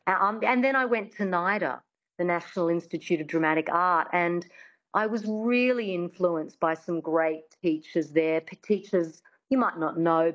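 A woman, a dialect coach who patiently demonstrates sounds and has the listener repeat them in an interview. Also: lowish voice. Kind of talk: interview guest teaching an accent. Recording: dull, muffled sound.

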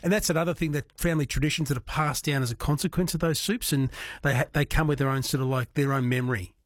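A man with a fairly high voice hosts talkback radio. He is chatty and drops quick asides between questions. The studio sound is dry and close. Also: fairly even intonation, no room sound. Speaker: radio host. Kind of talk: talkback radio hosting, reading listener texts. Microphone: studio mic, dry.

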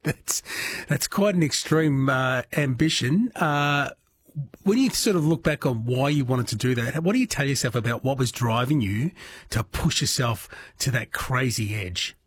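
A man's voice: medium pitch, animated, normal speed. A man hosting an interview and asking questions in a playful, jokey way. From Australia. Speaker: radio host.

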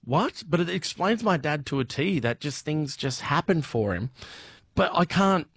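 A man's voice: on the high side, animated, a bit bright, breathy edge, no room sound, clean studio sound. A man with an Australian accent, a comedian telling a rambling family story in casual chat, full of restarts. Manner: rambling, halting with many restarts. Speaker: comedian guest.

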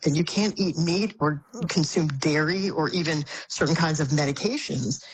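Woman, low voice, guest commentator, chatty explanation, lots of restarts. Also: moderate pace, a little hiss or hum, rough recording. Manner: thoughtful, many restarts and fillers. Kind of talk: conversational explaining. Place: Boston area.

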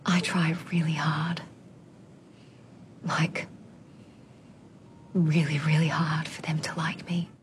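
An actress playing an anxious young woman who is eager to be liked, speaking softly in a half-whisper. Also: low voice, flat delivery, takes it slowly, pauses often, slight background noise. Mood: earnest. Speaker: actress in a drama series clip.

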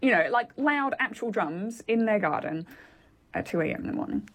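A woman's voice: medium pitch, lively intonation, moderate pace, fairly bright tone. A woman on radio, chatting with giggles and giving a weather report. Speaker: weather presenter.

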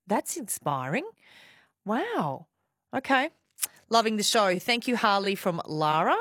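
A woman's voice: medium pitch, big pitch swings, takes it slowly, long pauses, a bit bright, dry recording. Australian female radio host, bubbly and chatty, dry close studio mic, mid-range voice. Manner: bubbly, chatty, reads listener texts aloud. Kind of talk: live radio talk show. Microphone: studio microphone.

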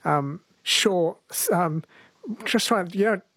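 A woman's voice: on the low side, slow, fairly bright tone, no room sound. Woman, radio host, friendly short questions, dry close sound. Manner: friendly, brief questions and acknowledgements. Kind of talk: talkback radio hosting.

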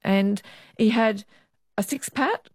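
Ex-cop woman, lively storyteller, dry close sound, interview guest. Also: mid-range voice, slow pace, dry recording. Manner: lively storyteller, acts out quoted voices. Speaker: retired police officer, guest.

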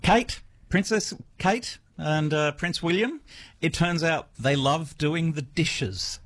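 A man's voice: on the high side, slow pace, a bit bright. A man co-hosting a casual chat, joking dryly with lots of fillers. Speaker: radio co-host.

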